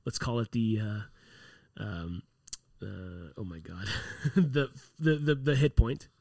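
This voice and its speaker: A man who works on props for a TV set, chatting casually and telling profane, animated stories full of acted-out quotes. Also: fairly low pitch, takes it slowly, vocal fry, no echo, studio quality. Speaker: props crew member on a TV set. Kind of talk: casual chat.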